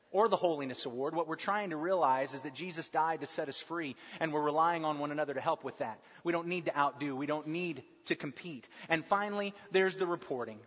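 A pastor preaching a sermon in a conversational, humorous way that often slips into mimicking people. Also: male voice, a little high, fairly bright tone. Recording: dull sound with long hall reverb.

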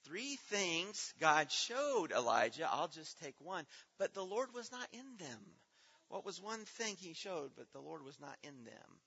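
A man teaches a children's church assembly, putting questions to the kids and praising each right answer. His voice sits a little high and has a bright, forceful edge. The long reverb of a big hall and a dull, lo-fi recording surround him. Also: very animated, measured pace, creaky, husky. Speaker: children's Bible program leader.

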